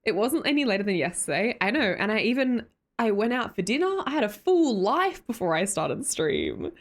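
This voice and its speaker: Aussie girl streaming, chatty and giggly, bouncy high-ish voice. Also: very animated, fairly quick. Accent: Australian. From Australia. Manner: chatty, laughs often, greets viewers by name. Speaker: live streamer. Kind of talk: casual live-stream chat.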